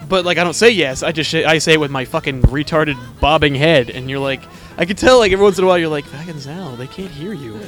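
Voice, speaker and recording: A man's voice: fairly high pitch, fast, fairly bright tone, soft background music. A man co-hosting a podcast in loose, rambling casual chat, giggling and swearing often. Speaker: podcast co-host.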